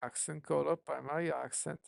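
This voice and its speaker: An app developer thinking aloud during a live coding stream, musing and questioning themselves in an unhurried way. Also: medium pitch, fairly even intonation, vocal fry, dry recording, clean studio sound.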